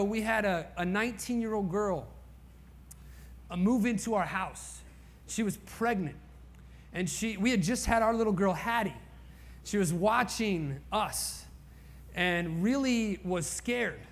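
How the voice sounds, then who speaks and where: A man in his thirties from Indiana preaching a sermon through personal stories, impassioned, swinging from hushed lines to near-shouts. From Indiana, USA. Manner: impassioned storytelling, rising to near-shouts at high points.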